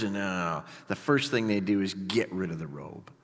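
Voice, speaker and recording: A male pastor preaching a sermon with animated storytelling and casual asides to the congregation. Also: sits low, normal speed, hardly any pauses. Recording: long hall reverb.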